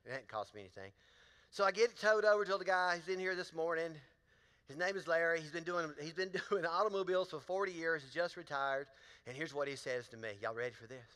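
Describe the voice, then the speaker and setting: High bright pastor in a big church. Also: male voice. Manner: folksy storytelling, talks to the crowd. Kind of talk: sermon. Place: large church auditorium. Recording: long hall reverb in a church.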